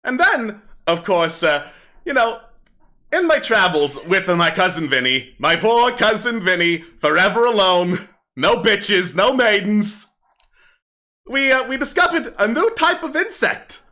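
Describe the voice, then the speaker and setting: A sleazy little kobold comedian, as a man puts him on, pitched up high and swinging his voice all over the place. He rambles through crude setups and hits each dirty punchline with smarmy relish. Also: very animated, a little slow, pushed and bright, full character voice. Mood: smarmy joking. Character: sleazy male kobold stand-up comic, crude. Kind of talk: comedic tabletop role-play.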